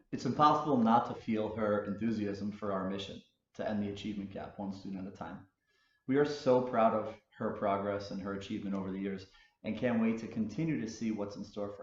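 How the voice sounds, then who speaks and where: A man hosts a charity livestream with an earnest, scripted appeal for donations. His voice is low. The sound is muffled and echoes around the room. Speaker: host for the foundation. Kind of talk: fundraising appeal.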